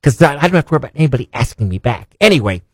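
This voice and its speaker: A man in a mid-range voice delivers an earnest sermon, reading scripture and pressing his points with rhetorical questions. He slows down to dwell on key phrases. The sound is dry and close, with no room in it. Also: medium pitch, big pitch swings, darkish tone, breathy edge, no echo. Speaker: preacher and broadcast host.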